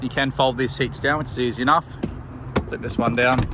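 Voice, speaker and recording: A man with an Australian accent, a car salesman giving a relaxed walkaround tour of a vehicle, pointing out features as he goes. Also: medium pitch, fairly quick, noisy background. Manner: relaxed, plain-spoken, pointing things out as he goes. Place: outdoors around a car, then inside it.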